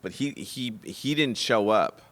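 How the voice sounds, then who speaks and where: A man's voice: on the low side, animated, measured pace, fairly bright tone. A man, a comedian guest, telling rambling, profane, self-deprecating stories in a casual chat at a comedy club.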